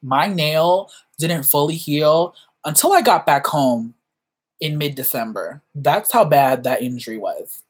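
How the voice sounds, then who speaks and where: A young woman vlogger telling stories in a casual, animated way, acting out quoted voices with big jumps in pitch and laughing often. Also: measured pace, slightly rough. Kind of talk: casual storytelling chat.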